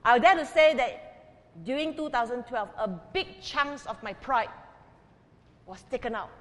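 A woman pastor preaching an emphatic sermon, swinging between loud declarations and quiet asides. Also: fairly high pitch, expressive, a little slow, big-room sound. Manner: emphatic, with big swings in loudness.

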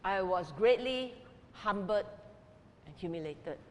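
A woman pastor preaching an emphatic sermon, swinging between loud declarations and quiet asides. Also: medium pitch, animated, slow, long reverb tail. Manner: emphatic, with big swings in loudness.

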